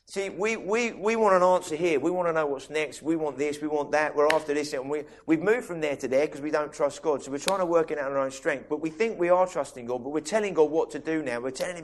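A man's voice: a little high, slight background noise. A man preaching a sermon in a conversational way, restarting sentences and asking listeners questions. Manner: conversational, with many quick restarts and asides to listeners.

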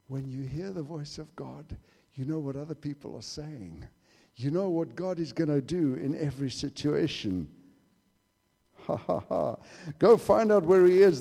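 A male preacher with a high yet mellow voice delivers a sermon, pressing his points hard and then dropping to a hush. His words ring out with a long reverberant tail, as though he is speaking in a church hall. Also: gravelly, breathy edge. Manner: emphatic, swinging from loud to hushed.

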